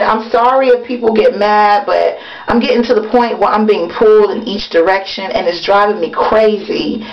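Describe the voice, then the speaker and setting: A woman vlogger chatting casually and venting while taking out her twists, talking with frequent ums. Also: medium pitch. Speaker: beauty vlogger. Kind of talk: casual chat while doing her hair. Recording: dull lo-fi webcam audio.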